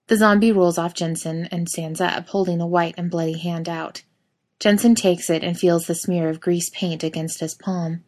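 A woman reading a story aloud in steady narration. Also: fairly low pitch, normal speed.

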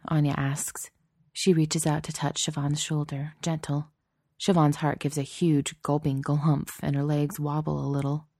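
A woman reads a story aloud in a steady, measured voice that is low and dark. The recording is dry and close, with no room around it. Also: no echo. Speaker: audiobook narrator. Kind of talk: scripted story narration.

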